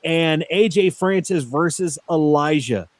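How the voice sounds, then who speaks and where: A man's voice: fairly high pitch, measured pace, dry recording. A man hosting a casual podcast, running down lists of matches with frequent "uh" fillers. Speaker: podcast host. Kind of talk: casual wrestling podcast chat.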